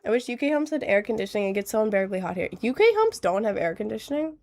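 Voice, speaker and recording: A late-teen woman streamer with a cold chats casually on a livestream, her mid-range voice very animated and a little mellow yet stuffy and slightly nasal. She's bubbly, rambles, and laughs easily.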